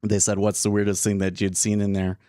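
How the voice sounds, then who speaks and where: A man's voice: lowish voice, monotone, brisk, dark tone, dry recording, clean studio sound. A man hosting a day trading livestream, talking casually and thinking aloud with many restarts, a little out of breath. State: slightly out of breath. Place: small closed room.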